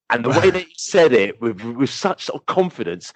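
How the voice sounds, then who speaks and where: A man, a podcast guest telling animated, rambling football fan stories full of fillers. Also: medium pitch, fairly quick, dry recording. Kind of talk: casual storytelling interview.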